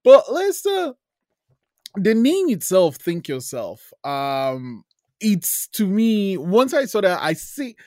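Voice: mid-range voice, huge pitch swings, slow pace, darkish tone, no echo, studio quality. An interviewer responding enthusiastically and reflectively to a guest in a conversational interview.

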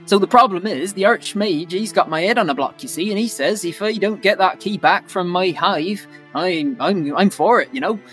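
A man's voice: sits high, moderate pace, hardly any pauses, fairly bright tone, soft background music, voice pushed up. A man voicing a rambling, digressive old male halfling beekeeper with a West Country accent. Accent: West Country English.

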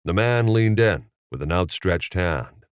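Casting: deep-voiced male narrator, expressive reading with lively pitch, dry studio sound. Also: measured pace, smooth, no room sound. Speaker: audiobook narrator. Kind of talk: scripted narration.

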